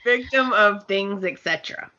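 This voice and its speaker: A woman's voice: mid-range voice, moderate pace, muffled recording, over a noisy crowd. A woman co-hosting a podcast, chatting casually as she recaps soap opera episodes and acts out the characters' lines with laughs. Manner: animated storyteller, acts out scene quotes with laughs. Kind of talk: casual chat.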